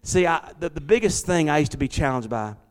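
A middle-aged man, preaching a lively, conversational sermon from a church hall. He repeats his words and talks back to the congregation. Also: a little high, a little fast. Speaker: pastor. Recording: long church hall reverb.

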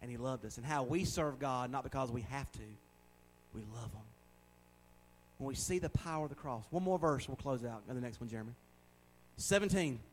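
A man's voice: medium pitch, fairly quick, a little hiss or hum, low-quality recording. A man in his forties preaching a sermon in a conversational way, with joking asides and words repeated for emphasis. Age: 40s. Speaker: pastor.

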